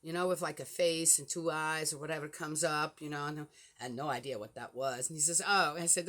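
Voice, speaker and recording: An older woman, a grandmother, chatting casually and rambling through a story with many fillers, getting animated and exasperated. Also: low voice, fairly quick, hardly any pauses. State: flushed from a hot flash. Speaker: Bible reading podcaster. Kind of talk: casual chat.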